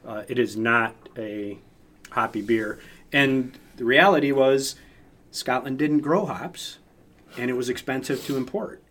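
Man explaining beer styles, measured. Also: medium pitch, fairly bright tone. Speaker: beer expert guest. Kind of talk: casual explanatory chat.

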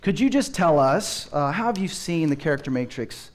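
Male pastor, sermon, storytelling, fairly high voice, playful voice-acting of kids. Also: animated, moderate pace. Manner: storytelling, acts out children's voices with humor.

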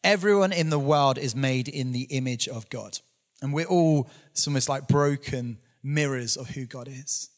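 A man's voice: mid-range voice, moderate pace. A man, preaching a conversational sermon with earnest storytelling and some self-deprecating humor.

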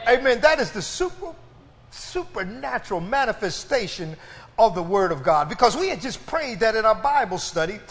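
Very high-voiced man preaching, echoing hall. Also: very animated. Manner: emphatic, drawn-out phrases, calls for congregation response. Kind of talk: sermon. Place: church. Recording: reverberant church hall.

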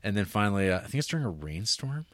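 Low-voiced man rambling through a movie plot. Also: very animated, very fast, fairly bright tone, dry recording. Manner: rambling retelling with many fillers and restarts. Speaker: podcast co-host. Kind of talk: casual movie discussion.

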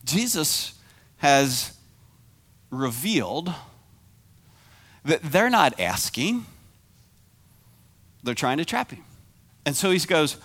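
A man giving a conversational sermon as pastor, animated and acting out the voices in the story. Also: a little high, slow, long pauses.

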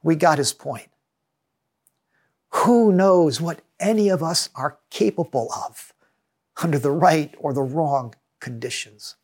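A male pastor delivers a sermon in a measured, earnest way. His voice sits a little higher than most men's. He slows down to stress key words. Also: a little mellow. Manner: measured, earnest preaching with reading aloud from scripture.

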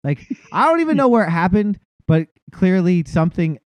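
A man's voice: sits high, normal speed, clean tone, no room sound. Guy chatting casually, cusses a lot, goes off on stories, dry close sound. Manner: swears a lot, rambling, animated storytelling. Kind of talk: casual chat.

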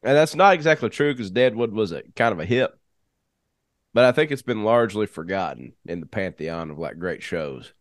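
A man's voice: on the low side, lively intonation, normal speed, no room sound, clean studio sound. A man with bronchitis co-hosting a podcast, laughing often and rambling loosely. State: bronchitis, coughing. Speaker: podcast co-host. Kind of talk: casual chat.

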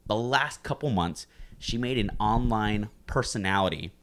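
A man's voice: fairly low pitch, moderate pace, fairly bright tone. A man in his twenties casually telling a long personal story to friends, loose and profane, rambling with lots of fillers.

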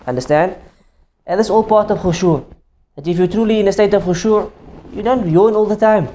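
A man with a high, mellow voice teaches a religious class. He explains in a patient tone, goes over each point more than once, and keeps checking that his students follow, slipping Arabic phrases in as he goes.

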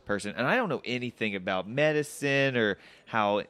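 A man's voice: mid-range voice, animated, moderate pace, fairly bright tone. A man with a mid-range voice hosting a casual podcast. He rambles with plenty of fillers and sounds a little anxious. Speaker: podcast host. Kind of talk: casual chat.

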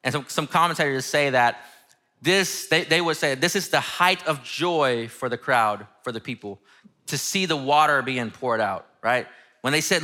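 Bright-voiced man preaching casually. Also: medium pitch, moderate pace. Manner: relaxed, slangy, enthusiastic preaching. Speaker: pastor. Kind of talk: casual sermon with scripture reading.

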